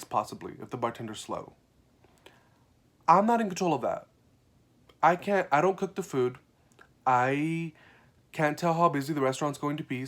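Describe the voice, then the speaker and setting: A young man vents about his job as a server, his voice sitting at an ordinary middle pitch. He tells the stories in a casual, exasperated way and swears often. His delivery drops to low, flat mumbles and then jumps into sharp, loud outbursts. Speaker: restaurant server venting about customers. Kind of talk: casual ranting storytelling.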